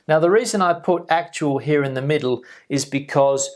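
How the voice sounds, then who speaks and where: A man's voice: a little high, moderate pace, hardly any pauses. A man teaching an English vocabulary lesson, patiently repeating example sentences and checking in with "okay?". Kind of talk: video lesson explaining vocabulary.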